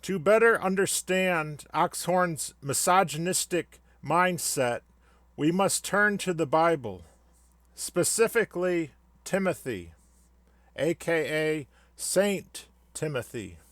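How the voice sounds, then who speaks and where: Brief: sarcastic male commentator, slow deliberate pace, slightly high voice, dry mic. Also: animated, fairly bright tone, dry recording. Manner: sarcastic, mock-solemn. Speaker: satirical commentator. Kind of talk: scripted comedic rant.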